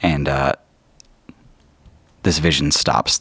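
A man narrating a tabletop game as game master in a measured, descriptive way, with a husky voice. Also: extremely low pitch, steady tone, fairly bright tone, soft background music.

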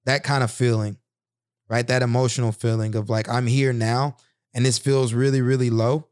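A man in his thirties speaks as a podcast host, working through personal stories in a reflective, earnest monologue. He often restarts his sentences, and his voice sits at a middle pitch. The recording is dry, with no room sound. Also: flat delivery, normal speed, a little mellow, no room sound. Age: 30s. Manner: earnest storytelling with frequent restarts.

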